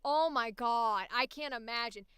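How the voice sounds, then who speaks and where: A woman's voice: a little high, unhurried, fairly bright tone, clean tone, no room sound, studio quality. A woman voice actor chatting casually on a livestream, laughing often and swearing freely. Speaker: voice actor streamer.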